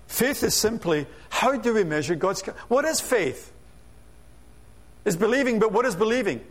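High-pitched male preacher, energetic, asks rhetorical questions, jokes in his asides. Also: moderate pace, slightly rough. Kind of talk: sermon.

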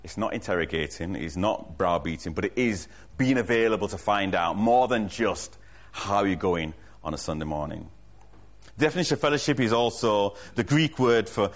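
A man delivers a sermon to his congregation in a somewhat low voice. He is earnest and emphatic, repeating his central lines for weight. He often breaks off and restarts a phrase as he thinks aloud. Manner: frequent restarts and self-corrections. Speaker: pastor.

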